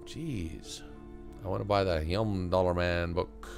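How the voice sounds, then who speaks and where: A man's voice: low voice, measured pace, creaky, faint music behind. A man casually talking to himself while playing a video game, muttering wry asides and reading choices aloud. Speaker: gamer streaming a playthrough. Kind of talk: casual let's-play commentary.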